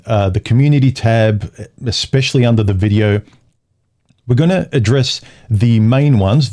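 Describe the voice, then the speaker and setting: Aussie guy hosting a livestream, lowish mellow voice, rambles and restarts a lot. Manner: rambling, restarts phrases, thinks aloud. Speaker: livestream host. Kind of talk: casual livestream chat.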